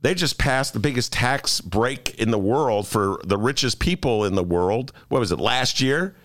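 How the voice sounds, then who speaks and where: Sarcastic talk radio host man, lively voice. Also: medium pitch, moderate pace, slight background noise. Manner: sarcastic, riffing, jokey asides to the audience. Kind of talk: political talk radio chat.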